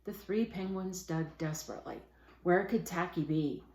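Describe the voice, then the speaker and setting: A woman teacher reads a children's picture book aloud in a fairly low voice. The room around her rings with a noticeable echo. She gives the characters lively voices. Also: normal speed, vocal fry. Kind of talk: storybook read-aloud.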